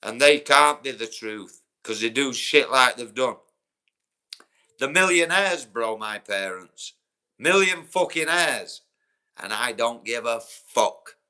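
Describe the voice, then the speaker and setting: A man's voice: mid-range voice, lively intonation, takes it slowly, sharp tone, clean tone. A young man with a Yorkshire accent, chatting bluntly and swearing on a livestream, answering viewers by name. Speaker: livestream host. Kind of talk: casual livestream chat.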